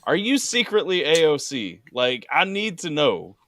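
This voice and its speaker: A man's voice: on the high side, very animated, unhurried, pushed and bright. A man from the United States chatting casually on a podcast, who goads his friends playfully and laughs often. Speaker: podcast co-host. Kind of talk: casual chat.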